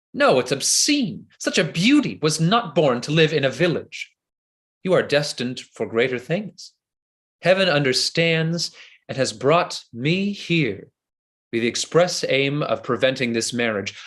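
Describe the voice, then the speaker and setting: In a play reading held over a video call, a man voices a flattering, insincere noble seducer who makes flowery, ardent declarations. His pitch is medium and his delivery a little slow.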